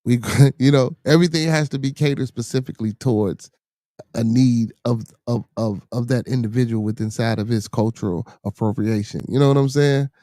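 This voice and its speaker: A man's voice: mid-range voice, steady tone, brisk, mellow, no room sound, clean studio sound. A man with a Chicago accent hosting a casual podcast, reading viewer comments, talking loosely and profanely with many restarts and repeats. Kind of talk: casual livestream chat.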